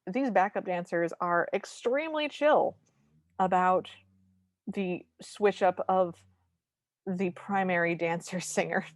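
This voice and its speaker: A woman's voice: on the low side, takes it slowly, no echo. A woman co-hosting a podcast, casually recapping a movie's plot beat by beat with dry asides. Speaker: podcast co-host.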